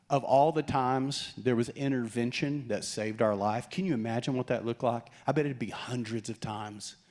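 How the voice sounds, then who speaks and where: Man preaching a lively sermon. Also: medium pitch. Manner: animated storytelling, acts out quoted voices with humor. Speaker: pastor.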